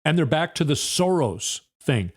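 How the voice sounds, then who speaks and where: A man's voice: on the high side, sing-song, measured pace. A man hosting a solo political commentary podcast, firing off indignant rhetorical questions in a fired-up way. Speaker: podcast host.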